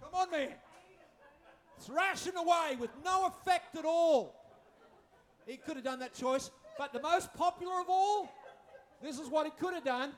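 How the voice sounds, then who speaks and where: A man's voice: very high-pitched, moderate pace. A man preaching a sermon, joking with his listeners and repeating his phrases. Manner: humorous, acting out quotes, repeats phrases.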